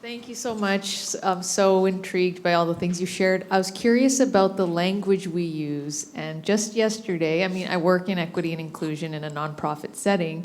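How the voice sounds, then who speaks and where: A woman's voice: on the low side, normal speed, hardly any pauses, darkish tone. A woman in the audience politely asking the panel a curious question. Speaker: audience member.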